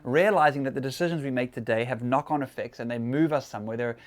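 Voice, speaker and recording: A man's voice: mid-range voice, fast talker. A man hosting a casual church talk, chatty and conversational with fillers and laughs.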